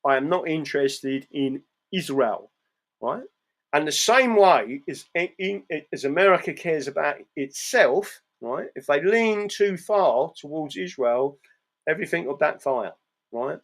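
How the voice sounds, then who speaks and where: A man's voice: fairly high pitch, lively intonation, measured pace. An English man hosting a live stream, talking bluntly, swearing and tagging his lines with "right?". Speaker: channel host reading live chat. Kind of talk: casual live-stream monologue.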